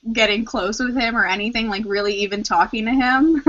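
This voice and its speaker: A woman's voice: fairly high pitch, brisk. A woman hosting a casual interview, talking loosely and filling her speech with "like.". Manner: casual, fills her talk with "like". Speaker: host. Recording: dull lo-fi recording.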